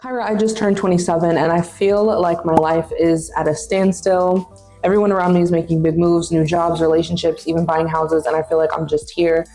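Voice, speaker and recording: A woman's voice: on the low side, flat delivery, fairly quick, vocal fry, music in the background. A young woman in her twenties giving blunt, playful big-sister advice in a casual vlog, reading out viewer questions.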